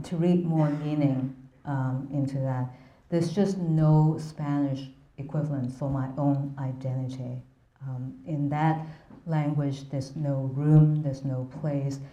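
A woman's voice: low-pitched, mellow. A woman giving an academic lecture in a hesitant way, full of ums and restarts. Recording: roomy echo.

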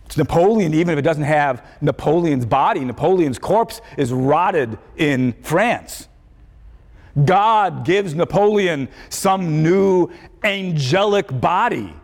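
A man's voice: high voice, sing-song, a little slow. A man giving a conversational university philosophy lecture, thinking aloud and correcting himself as he goes. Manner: thoughtful, conversational, self-correcting. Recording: long lecture-hall reverb.

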